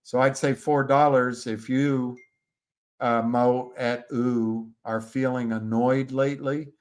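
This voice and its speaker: Slow-talking man reading stock charts. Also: medium pitch, flat delivery. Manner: halting, restarts mid-phrase, talks to viewers by name. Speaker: live stream host. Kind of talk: casual stock chart commentary.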